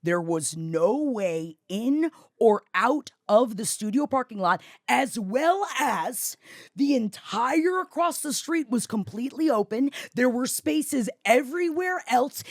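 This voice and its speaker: Animated woman telling a story. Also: on the high side, slow pace, no echo, clean studio sound. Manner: animated storyteller, shouts when reenacting. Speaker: podcast co-host. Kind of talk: casual chat.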